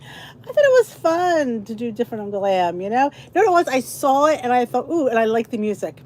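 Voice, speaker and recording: A woman's voice: fairly high pitch, very animated, a little fast, darkish tone, a little hiss or hum. A middle-aged woman hosting a casual livestream, chatting in a rambling, tired-sounding way to her viewers. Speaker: livestream host. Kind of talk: casual chat to a live audience.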